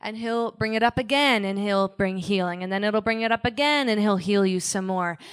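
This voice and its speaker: A woman's voice: medium pitch, moderate pace, smooth. A woman pastor giving a conversational sermon, breaking into little acted-out quotes and asides as she preaches.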